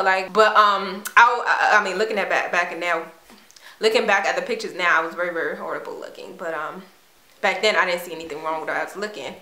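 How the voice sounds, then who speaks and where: A young woman from Washington, D.C., telling a personal story in a chatty, animated way with casual slang. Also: lowish voice, quick pace. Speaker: vlogger. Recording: echoey room.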